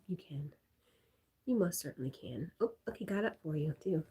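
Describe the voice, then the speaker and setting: A woman's voice: low-pitched, lively intonation, normal speed, mellow, a little hiss or hum. A woman hosting a casual livestream, reading out viewer comments and chatting back in a friendly way. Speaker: livestream host reading chat. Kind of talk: casual chat.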